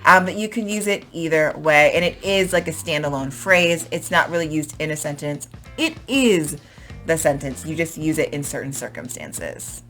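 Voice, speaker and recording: Female online English teacher, relaxed and chatty, slightly low pitch, walks through examples. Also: moderate pace, faint music behind. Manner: chatty, explains with examples and fillers. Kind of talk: casual explanatory lesson.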